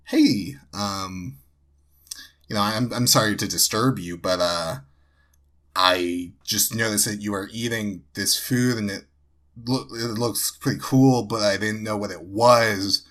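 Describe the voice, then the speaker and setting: Man, young adult, from New Jersey, podcast co-host, casual storytelling, rambling, slow-paced. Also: fairly low pitch, fairly bright tone. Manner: rambling, full of fillers and restarts.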